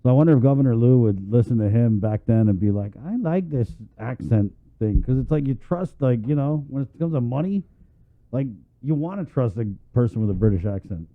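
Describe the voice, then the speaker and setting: A man's voice: medium pitch, expressive, a little fast, phone-quality sound. A man hosting a radio talk show, joking and chatting casually with his guest and co-host. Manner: joking, laughs often.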